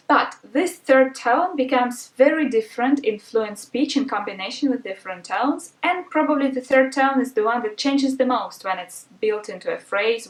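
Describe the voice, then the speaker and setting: Female language teacher, patient and clear, slightly high voice, roomy echo. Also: distant mic. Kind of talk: explanatory lesson narration.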